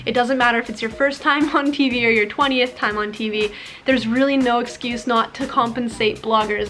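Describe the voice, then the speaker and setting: A woman's voice: a little high, a bit bright. A young woman speaking candidly to camera in a casual vlog, with a frank, conversational manner and frequent "like" fillers. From Canada. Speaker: YouTuber.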